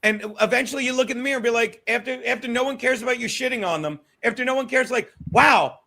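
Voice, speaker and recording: A man's voice: extremely high pitch, rapid-fire, creaky, pushed and bright. A man in a ranting clip, scolding and sneering in a combative way. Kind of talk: ranting clip played on a podcast.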